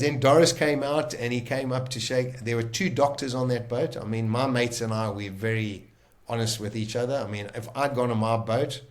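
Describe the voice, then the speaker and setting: A South African man appearing as a podcast guest vividly retells a dramatic survival story in the first person. His medium-pitched voice is emphatic, and he's quick to restart his sentences.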